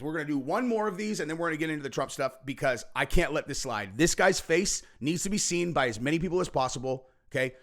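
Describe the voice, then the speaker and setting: A man's voice: a little high, fairly bright tone. A man hosting a political reaction show, ranting angrily and cursing, tagging his points with "okay?" and "right?". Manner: angry, profane, ranting with frequent "okay?" and "right?". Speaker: political commentary host. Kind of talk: heated reaction commentary.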